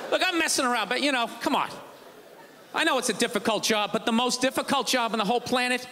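A male stand-up comedian ranting sarcastically on stage before a live audience, often shouting his punchlines. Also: extremely high pitch, a little fast, a little hiss or hum. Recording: live show with crowd laughter. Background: audience laughter and ambience.

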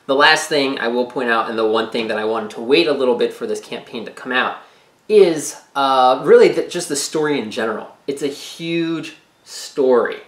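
A man hosting a board game playthrough, talking casually and eagerly with plenty of fillers. His voice sits at a middle pitch and rings in an echoey room. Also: normal speed, fairly bright tone. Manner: enthusiastic, rambling, filler-heavy. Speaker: board game show host. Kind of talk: casual chat about game rules.

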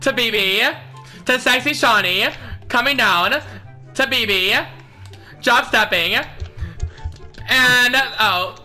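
A man's voice: very high-pitched, slow pace, pauses often, sharp tone, faint music behind. A man hosting a gaming channel, taunting his opponent with sing-song jokes and meows while playing. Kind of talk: trash-talking game commentary.

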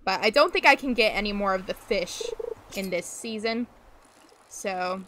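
A woman's voice: medium pitch, moderate pace, fairly bright tone, slight background noise. A young adult woman streaming a farming game, chatting casually to viewers and humming little sounds to herself as she plays.

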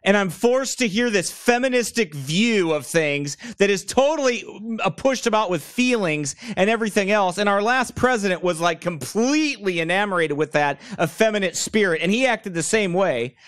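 A man's voice: sits high, lively intonation, normal speed, few pauses, fairly bright tone, smooth, dry recording. A man preaching a sermon while seated, blunt and mocking, wandering off into stories. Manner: blunt, mocking, digressive preaching with put-on quoted voices. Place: church room, speaker seated.

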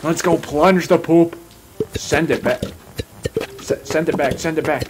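A man's voice: a little high, measured pace, pauses often, background noise. A man giving casual gameplay commentary, profane and easily startled. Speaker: gaming video creator.

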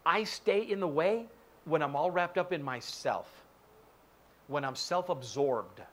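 A man's voice: a little high, a little slow. A male pastor giving a sermon in church, joking and acting out quoted voices. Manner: animated, jokey, acts out quoted voices. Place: church sanctuary.

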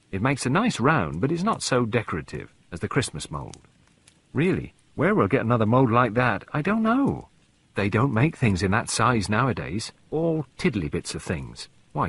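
A man voicing a chatty, old-fashioned female cook who rambles fondly about the old ways, in a husky voice. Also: mid-range voice, a bit bright, pitched above the performer's own voice, heavily acted.

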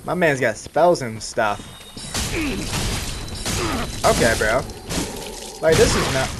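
A man giving casual, excitable commentary while playing a video game, yelping and talking back to enemies. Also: mid-range voice, slow pace, long pauses, background noise. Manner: excitable, yelps and talks to enemies. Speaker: gaming channel host.

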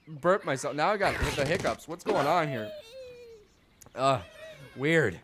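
A young man casually commenting on a mobile game, rambling nonsense and suddenly bursting into loud shouts. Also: fairly high pitch, animated, unhurried, long pauses, slight background noise. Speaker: gaming video host. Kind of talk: goofy let's-play commentary.

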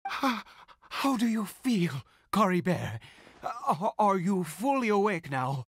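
An actor playing a middle-aged father in a game, emotional, pleading and gentle with his son. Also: high-pitched, very animated, takes it slowly, breathy edge, no room sound, studio quality, exaggerated voice. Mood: tender. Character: doting grieving father, middle-aged man. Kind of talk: game voice acting.

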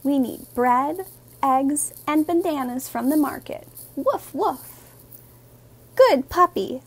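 A woman, a teacher, reading a children's picture book aloud in a gentle, expressive, sing-song way. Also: high-pitched, unhurried.

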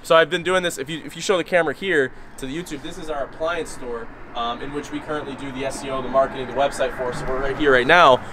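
Fast-talking agency owner outdoors. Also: male voice, mid-range voice, steady tone. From born in Brazil, raised in Connecticut. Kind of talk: casual interview talk. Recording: outdoor street noise behind the voice.

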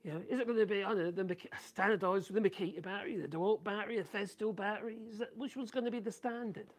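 A man with a Norfolk accent and a raspy, coarse voice, rambling casually on a live stream and reading out viewer comments. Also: sits high, fast. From Norfolk, England. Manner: rambling and chatty, many ums and restarts. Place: home workshop.

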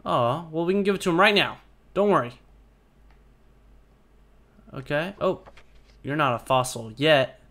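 A man giving live gameplay commentary, jokey and excitable, swearing often. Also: fairly high pitch, a little slow, pauses often. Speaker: gaming video host.

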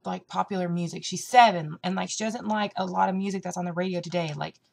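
A woman's voice: fairly low pitch, fairly even intonation, fast talker, vocal fry, a little mellow. Chatty young woman with a country twang. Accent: American Southern country. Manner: chatty and rambling, with lots of fillers. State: hyper from caffeine. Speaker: vlogger. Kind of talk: casual chat.

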